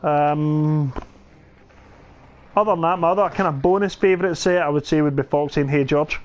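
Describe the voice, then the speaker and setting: Brief: young man, slightly high voice, casual gaming podcast co-host, lively storyteller. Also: moderate pace. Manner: animated storyteller, laughs mid-sentence, says "aye".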